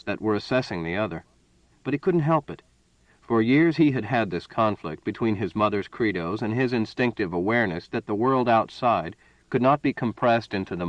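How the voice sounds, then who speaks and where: A man narrating a story in a measured, even reading style. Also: fairly low pitch, no room sound. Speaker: audiobook narrator. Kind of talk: scripted narration. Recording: dull dry lo-fi recording.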